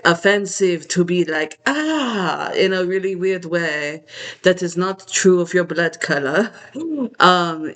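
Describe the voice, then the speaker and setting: A man's voice: on the high side, fairly bright tone. Rambling man talking to camera. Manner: meandering, loose, with many fillers. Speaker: vlogger. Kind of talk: rambling solo monologue.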